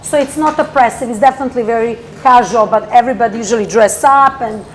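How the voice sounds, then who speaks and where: A woman's voice: a little high, fast talker. A woman astrologer on a talk show giving rambling, earnest advice in loose, broken grammar. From from Toronto area. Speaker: astrologer guest. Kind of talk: casual talk show chat.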